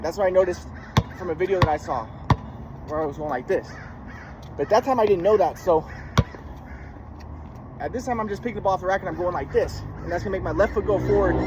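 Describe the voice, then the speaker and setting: Rambling man, slightly high voice. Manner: rambling, with many repeated words and restarts. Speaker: storyteller recounting his youth. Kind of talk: casual monologue with demonstrations. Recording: clear background noise.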